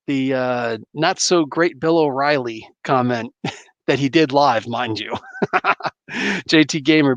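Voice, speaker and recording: A man's voice: a little high, dry recording. A man hosting a comic book livestream, chatting casually, rambling and laughing often as he reads viewer comments aloud. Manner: rambling and chuckly, frequent laughs and fillers.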